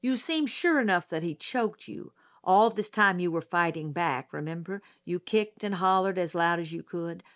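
A woman's voice: fairly low pitch, animated, normal speed, few pauses, fairly bright tone. A woman reading an audiobook, voicing a middle-aged male lawyer who questions a witness patiently in a dry, detached way. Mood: measured, persistent.

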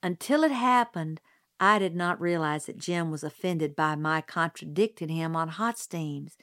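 A woman narrates a novel for an audiobook, her scripted reading measured and even in its storytelling. The pitch is fairly low, with studio quality and no room sound.

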